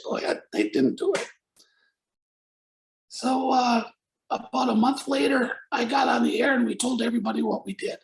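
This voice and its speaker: An older man with a gravelly, creaky voice spins old radio-days stories. He talks casually and slips into the voices of the people in his anecdotes as he goes. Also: very high voice, low-quality recording. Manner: lively storyteller acting out voices in his anecdotes. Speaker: former radio personality, guest.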